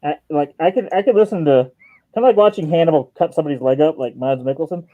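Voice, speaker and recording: A man's voice: on the high side, fast talker, no echo. Joking, swearing man on a dull lo-fi stream mic. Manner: joking, profane, laughs often. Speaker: stream host. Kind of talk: casual stream chat.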